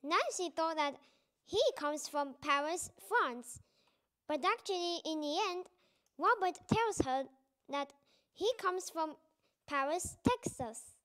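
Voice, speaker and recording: A woman who teaches English reads a picture book aloud with explanations, her high voice animated and fairly bright. She reads slowly and deliberately, repeating sentences for learners.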